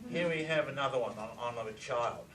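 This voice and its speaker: A man's voice: mid-range voice, brisk, a bit bright, reverberant, far from the mic, slight background noise, poor audio. An older man giving a live presentation to an audience, talking with conversational enthusiasm. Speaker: lecturer.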